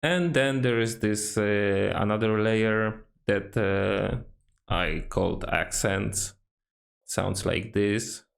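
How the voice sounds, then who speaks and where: Gravelly slow-talking man with lots of fillers. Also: on the low side, a little hiss or hum. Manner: hesitant, many fillers and restarts. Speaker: music producer. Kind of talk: casual tutorial walkthrough.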